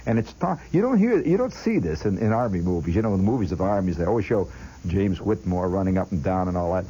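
A man with a low, husky voice tells a rambling personal story as a monologue. His pitch swoops up and down expressively, and he talks straight to the listener. He mimics clinks and other sounds with his voice as he goes. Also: animated, fast, dark tone, low-quality recording. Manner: chatty, addresses the listener directly.

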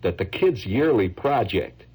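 A husky-voiced man holds forth on the radio in a rambling monologue. His pitch swings animatedly as he muses and wanders from thought to thought. The sound is that of a radio broadcast. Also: unhurried. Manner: lively, musing, slips into mock voices. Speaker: radio host.

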